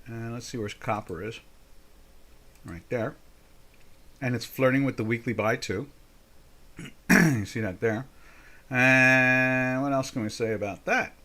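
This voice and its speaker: A man's voice: mid-range voice, measured pace, long pauses, pushed and bright. An older man hosting a live trading session, giving casual market commentary with folksy, jokey asides and mock exasperation. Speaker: trading webinar host.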